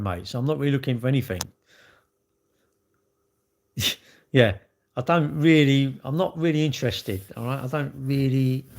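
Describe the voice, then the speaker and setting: A middle-aged man, chatting casually and cheekily with viewers on a livestream. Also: medium pitch. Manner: chatty, cheeky banter, swearing. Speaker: livestream host. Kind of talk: casual livestream chat reading comments.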